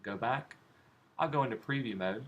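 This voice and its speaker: A man teaches a design class through a live software demonstration, clicking through steps on a computer and asking his students questions in a relaxed way. His voice is mid-range at normal speed, with faint background noise.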